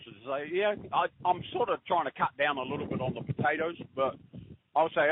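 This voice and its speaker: A middle-aged man from New Zealand telling rambling family stories in casual chat, with halting restarts. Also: a little high, slight background noise. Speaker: podcast guest. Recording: tinny phone-line audio.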